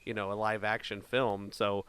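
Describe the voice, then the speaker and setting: A man co-hosting a podcast in casual chat, animated and joking, slipping into silly voices. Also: lowish voice, normal speed, clear, resonant tone, no echo. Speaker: podcast co-host.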